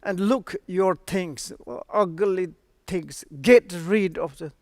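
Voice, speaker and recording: A man's voice: high-pitched, takes it slowly, darkish tone, no echo, studio quality. A man voicing a stern, harsh old male spiritual master who scolds in short, abrupt phrases. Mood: scolding.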